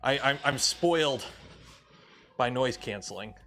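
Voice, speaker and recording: A man's voice: mid-range voice, expressive, measured pace, pushed and bright, soft background music. A man from Canada hosting a casual livestream, rambling and joking with lots of fillers while he builds. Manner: rambling and jokey, with many fillers and restarts. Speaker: livestream host.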